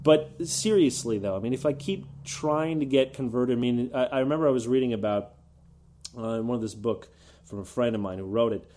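A man's voice: medium pitch, fairly quick, mellow, slight background noise. A man co-hosting a podcast, ranting in a casual, sarcastic way, swearing freely and mocking others in put-on voices. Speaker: podcast co-host. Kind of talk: casual opinion rant.

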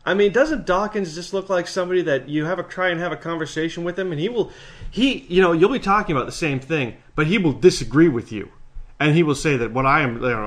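A man's voice: fairly high pitch, quick pace, a bit bright. A man co-hosting a podcast in casual chat, sardonic and profane, mocking others with impressions. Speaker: podcast co-host.

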